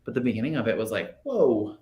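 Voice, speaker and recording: A man guest telling gossip stories in a casual chat, animated and mimicking other people mid-sentence. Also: mid-range voice, moderate pace, slight background noise. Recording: roomy echo.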